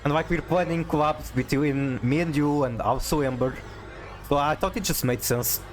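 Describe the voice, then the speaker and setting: Male streamer, higher-pitched, casual and chatty, stammers often, reads chat aloud. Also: normal speed, a little hiss or hum. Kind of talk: casual live-stream chat while playing a card game.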